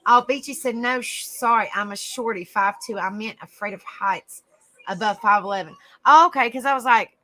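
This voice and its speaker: A middle-aged woman with a Southern US accent hosts a livestream in casual chat, reading out viewer comments and laughing often. Her voice is on the high side and bright, with a forceful tone and a moderate pace.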